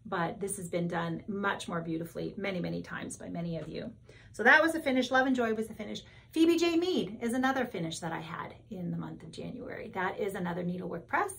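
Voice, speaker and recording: A woman's voice: medium pitch, gravelly, a bit bright. A woman in her sixties chatting casually as she shows her stitching projects, thinking aloud and correcting herself as she goes. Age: 60s. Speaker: cross-stitch vlogger. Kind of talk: casual show-and-tell chat.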